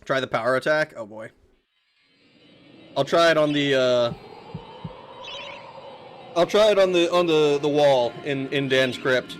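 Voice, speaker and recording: A man's voice: on the high side, unhurried, long pauses. A man streaming a video game, chatting casually and joking with his viewers, laughing often. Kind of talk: casual gameplay commentary. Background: game music.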